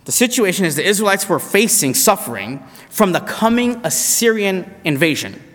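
A man preaching a sermon, emphatic, slowing down to repeat key phrases. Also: high voice, big pitch swings, fairly bright tone, long reverb tail.

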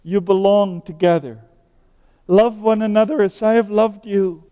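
A tender, comforting male teacher speaks sweetly to his followers, as a preacher gives him voice. The voice is smooth, mellow and a little raised, and it rings with the long reverb of a large hall. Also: high voice, fairly even intonation, measured pace, highs cut off, pitched above the performer's own voice. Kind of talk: sermon scripture reading.

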